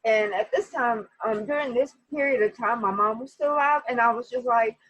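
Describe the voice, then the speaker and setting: Casting note: husky woman in a casual vlog, animated storyteller, a bit high. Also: moderate pace, dry recording, rough recording. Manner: animated, talks straight to viewers. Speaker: vlogger telling a personal story.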